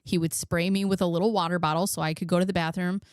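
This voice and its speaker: A woman's voice: lowish voice, little pitch movement, fast, smooth, no echo, clean studio sound. A woman in her thirties hosting a commentary channel, telling candid personal stories in a chatty, casual way and reading out case notes.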